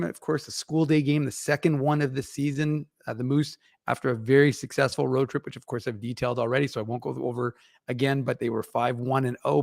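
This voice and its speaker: Rambling hockey-pod regular, male, gravelly, dry close mic. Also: mid-range voice, no room sound. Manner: rambling, chatty, many fillers and restarts. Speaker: regular podcast contributor reporting on the Moose. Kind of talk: casual hockey podcast chat.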